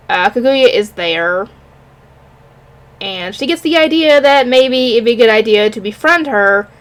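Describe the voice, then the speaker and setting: A woman's voice: fairly high pitch, a bit bright. A woman talking casually on her own about an anime episode, rambling and often stopping to search for names. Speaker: anime reviewer. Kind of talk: casual solo review.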